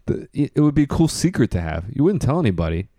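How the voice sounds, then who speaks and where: A man ribbing his friends in a loose podcast conversation, often laughing. His voice is mid-low and plainly recorded. The sound is dry. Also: sing-song, fast talker, mellow, dry recording. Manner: teasing, laughing. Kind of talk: casual chat.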